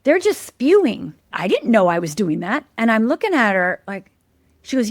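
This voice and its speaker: In an animated interview, a woman serving as a guest life coach speaks with a gravelly voice, a little fast, with no room sound. She hammers key words through repetition in a teacherly way and mimics quoted people by jumping high in pitch.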